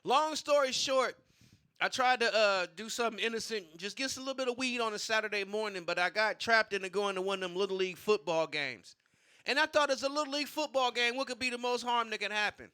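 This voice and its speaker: A man's voice: sits high, quick pace, pushed and bright, smooth. A male stand-up comedian at an open mic, telling a loose, profane story with punchlines.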